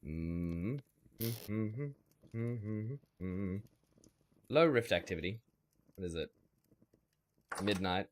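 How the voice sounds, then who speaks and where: With frequent pauses and a very slow pace, a man with a lowish voice streams a survival game. He keeps up wry, rambling commentary and talks with his viewers along the way.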